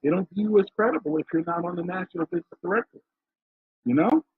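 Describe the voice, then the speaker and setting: A middle-aged financial consultant from Philadelphia, telling stories emphatically in a casual interview. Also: male voice, high-pitched, fast, husky, dry recording. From Philadelphia, USA. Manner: emphatic, storytelling, acts out quoted dialogue. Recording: dry, tinny phone-like line.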